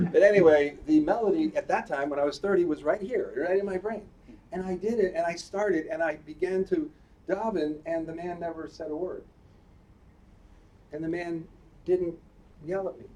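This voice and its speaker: Elderly cantor telling a playful sermon story. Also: male voice, fairly high pitch, moderate pace, long pauses, darkish tone. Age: 80s. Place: synagogue sanctuary during a service. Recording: distant live-stream audio with faint background noise.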